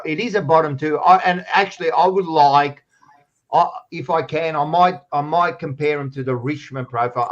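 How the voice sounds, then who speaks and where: Australian man needling his rival, lo-fi. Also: mid-range voice. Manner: teasing, needling, swears. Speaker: podcast co-host. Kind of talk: casual sports banter. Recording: dull lo-fi sound.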